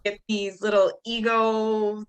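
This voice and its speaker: A woman's voice: medium pitch, flat delivery, takes it slowly, clean tone, low-quality recording. A woman talking as a podcast guest, reflective and a bit hesitant, with many fillers. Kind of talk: casual podcast chat.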